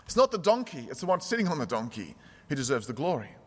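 A man's voice: a little high, sing-song, fast talker, husky, long reverb tail. A male pastor delivering an earnest, storytelling sermon to his congregation.

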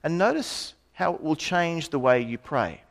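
Lively middle-aged preacher. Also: male voice, fairly high pitch, a little slow, gravelly. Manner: conversational, with asides and rhetorical questions. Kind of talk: sermon.

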